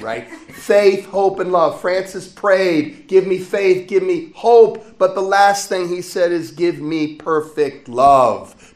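A man from the States, preaching a sermon in a lively call-and-response manner and chuckling often. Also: sits high. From Southern United States.

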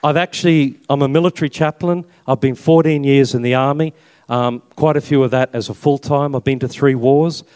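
This Australian Catholic priest and army chaplain, in his fifties, has a medium-pitched, steady, darkish, clean voice and speaks a little fast. He delivers a chatty personal testimony, using slides and poking fun at himself, while the hall gives a long reverb.

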